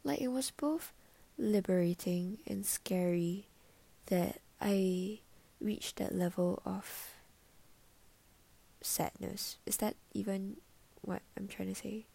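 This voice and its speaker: Soft-spoken young woman, breathy and creaky. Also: medium pitch, slow, pauses often. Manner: soft, often half-whispered, filler-heavy musing. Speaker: vlogger. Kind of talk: personal reflective monologue.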